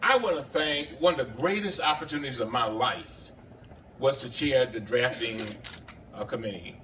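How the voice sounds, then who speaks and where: A man, a congressman, giving an impassioned speech at a bar reception, halting and repeating himself, recorded from a distance. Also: medium pitch, animated, sharp tone. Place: bar reception room, indoors. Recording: distant camera with faint background noise.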